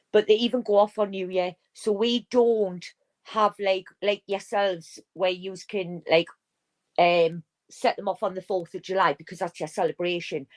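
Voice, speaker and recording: A woman with a Geordie accent, chatting casually on a live-stream panel and explaining things at length. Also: fairly low pitch. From North East England. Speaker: panel guest.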